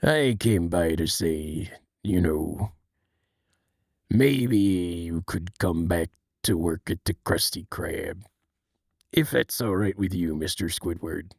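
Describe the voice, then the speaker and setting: A man voicing a gruff old male cartoon crab boss, speaking low and halting in a serious tone. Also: darkish tone, dry recording, studio quality, exaggerated voice. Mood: earnest.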